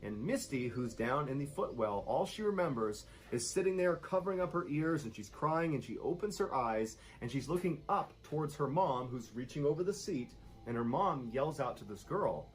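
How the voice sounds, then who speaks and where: A man narrating a true-crime style scary story in a steady, suspenseful storytelling manner. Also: mid-range voice, normal speed, few pauses, low-quality recording.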